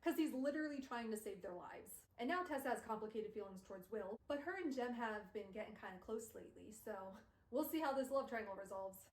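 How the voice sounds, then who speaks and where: A young woman streaming a casual book recap, chatty and wry, with "like" sprinkled through every sentence. Her voice sits fairly high and rings in a roomy, echoing space. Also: animated, fairly quick, darkish tone. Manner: chatty, sarcastic, heavy use of "like". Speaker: VTuber streamer. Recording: roomy echo.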